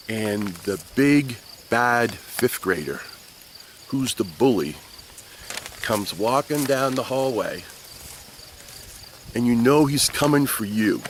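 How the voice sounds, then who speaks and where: Animated man teaching kids outdoors. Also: mid-range voice, slight background noise. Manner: animated, playful storyteller addressing kids. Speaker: Sunday school teacher. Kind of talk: children's Bible lesson. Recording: faint crickets outdoors.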